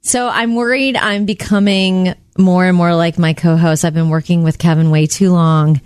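A woman co-hosting a chatty show, telling stories in a lively, animated way. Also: lowish voice, normal speed, clear, resonant tone, no echo. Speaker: radio co-host. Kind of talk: casual chat.

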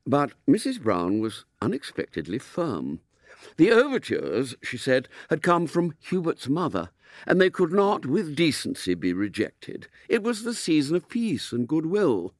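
A man reading a story aloud in an expressive, mock-solemn way. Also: on the high side, measured pace, no echo, clean studio sound. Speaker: narrator.

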